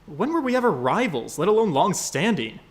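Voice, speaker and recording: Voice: mid-range voice, big pitch swings, brisk, noisy background. A streamer reading a weary, sarcastic male defense lawyer in a video game, with dry, exasperated remarks.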